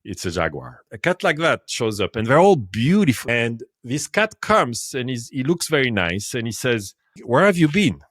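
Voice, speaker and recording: A French-accented man in his fifties, a podcast guest telling a story in an animated way. His voice rises and drops sharply as he laughs and gets excited. The sound is dry and close, with no room around it. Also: medium pitch, moderate pace, hardly any pauses, no room sound. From France. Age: 50s. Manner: animated, laughs often, swings between loud and quiet. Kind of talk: casual storytelling.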